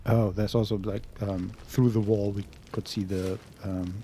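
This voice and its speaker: A man co-hosting a live video game stream, talking hesitantly with many pauses and reading out game choices. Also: on the low side, level tone, background noise. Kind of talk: casual gaming stream chat.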